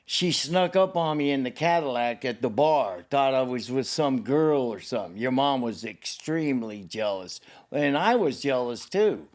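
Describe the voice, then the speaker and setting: A man's voice: medium pitch, lively intonation, normal speed, few pauses, a little mellow. An older man telling a personal story in conversation with his son. He rambles, swears freely and grows emotional, acting out the people he talks about. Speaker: guest, the host's father.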